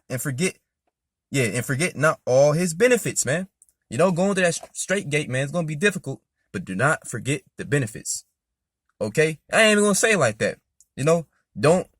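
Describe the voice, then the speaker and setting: A man reads scripture in a medium-pitched voice and breaks off into loose, emphatic commentary, calling out "man" and "all right?" between thoughts. The sound is dry, with no room echo. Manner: reads verses louder and slower, with sudden shouts of praise. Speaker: scripture reader and preacher. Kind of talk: casual scripture reading with commentary.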